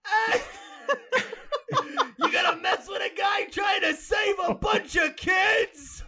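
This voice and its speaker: A man putting on a loud, defiant Brooklyn tough guy from a film, shouting high and strained. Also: slow pace, some chatter behind, full character voice.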